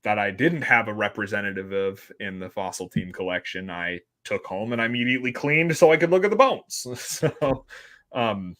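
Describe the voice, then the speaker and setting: A man's voice: lowish voice, animated, normal speed, fairly bright tone. A man, a paleontologist guest, explains science eagerly in a casual interview and laughs easily.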